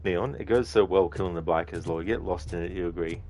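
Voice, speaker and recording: Deep-voiced man chatting on a game stream. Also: a little fast, a little hiss or hum. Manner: relaxed, rambling with frequent ums. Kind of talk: casual live-stream chat with viewers. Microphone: streaming microphone at the console.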